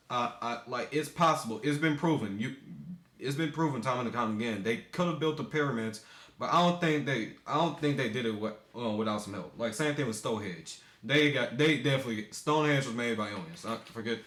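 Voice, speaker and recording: A man's voice: medium pitch, a bit bright. Rambling young man in an echoey room. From United States. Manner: rambling, self-correcting, stumbling over words. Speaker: video maker. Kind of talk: casual rambling commentary.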